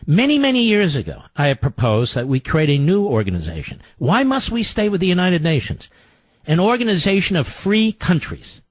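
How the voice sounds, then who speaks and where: An older man hosting a radio talk show, delivering a sarcastic political monologue with mocking, theatrical swings between loud jabs and low mutters. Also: husky, no echo.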